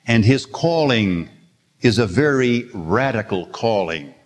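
In a church sanctuary, where the large hall's long reverb lingers, an older man preaches slowly in an animated, medium-pitched voice. He tells stories earnestly and quotes scripture with emphasis.

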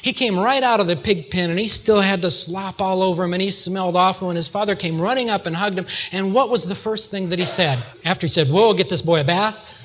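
A man's voice: high voice, quick pace, hardly any pauses, a bit bright, a little hiss or hum. A man preaching a sermon, retelling a story and acting out the voices of its people. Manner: acts out voices in a retold story, chuckles at times.

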